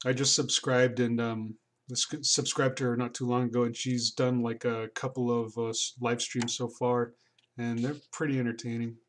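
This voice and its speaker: A man talks casually through his old sketchbook at a medium pitch. He rambles, stops and restarts often, filling gaps with "um" and "like". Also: level tone, normal speed, a little hiss or hum. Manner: rambling, many fillers and restarts. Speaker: artist vlogger.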